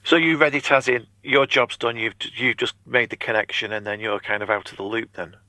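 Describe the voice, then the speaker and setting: Podcast host guy restating what his guest means, bright voice, dry close sound. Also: mid-range voice, steady tone, brisk, no echo. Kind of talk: interview questions.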